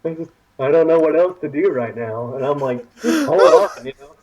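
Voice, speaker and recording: A man's voice: medium pitch, fairly quick, a crowd in the background, low-quality recording. A man from Texas telling a war story on a podcast, laughing often and acting out the people he quotes. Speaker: podcast guest. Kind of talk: casual storytelling.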